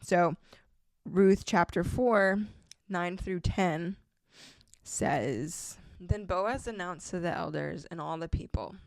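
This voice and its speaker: A young woman talks through faith-based relationship advice in a relaxed, chatty way, with a slightly low voice. She laughs easily between points. The sound is dry and close. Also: takes it slowly, gravelly, no room sound. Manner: casual, chatty, laughs often, reads scripture aloud. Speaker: podcast host.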